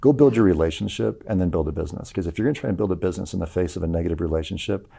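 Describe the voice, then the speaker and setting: A married man talking casually as a guest, telling stories in an animated way. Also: low-pitched. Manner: gravelly, quick, animated storytelling. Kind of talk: casual conversation.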